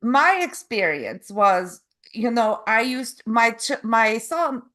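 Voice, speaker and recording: Woman interviewer, aphasia, halting word-finding, unhurried. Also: on the high side, lively intonation, fairly bright tone. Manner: halting, searching for words, frequent restarts. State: has aphasia. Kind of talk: casual conversation.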